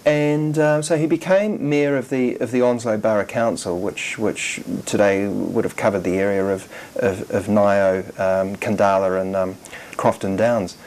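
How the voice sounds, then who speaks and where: An interviewer asking questions in an oral history interview, speaking haltingly with many repeated words. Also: low voice, fairly even intonation, darkish tone, poor audio.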